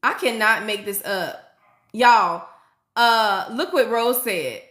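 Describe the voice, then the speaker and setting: A middle-aged woman nurse hosting a casual livestream, excitedly reading viewers' comments aloud and hyping them up. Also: a little high, takes it slowly, reverberant. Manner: excitable, hypes viewers up, frequent "y'all".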